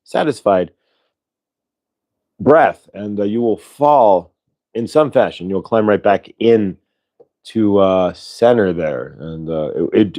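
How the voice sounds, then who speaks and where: Low-pitched male host, loose casual delivery, restarts often, sighs between breaths. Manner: rambling, relaxed, with many fillers and restarts; sighs audibly between instructions. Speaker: host leading a breathing exercise. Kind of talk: casual spoken guidance.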